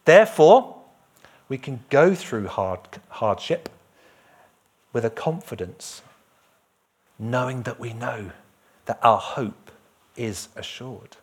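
Male preacher, slow delivery, animated, humorous sermon style. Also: medium pitch, slightly rough. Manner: lively, jokey, breaks into song.

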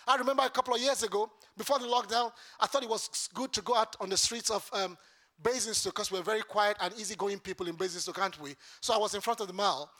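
A man's voice: high voice, fast talker, sharp tone. A man from Lagos preaching a sermon to a congregation, with an impassioned, repetitive preaching cadence. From Lagos, Nigeria.

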